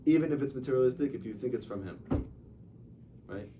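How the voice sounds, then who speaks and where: With a medium-pitched, expressive voice and a fairly quick pace, a rabbi leads an informal class on religion. He keeps it conversational, dramatizing stories through dialogue, while a distant mic adds faint noise.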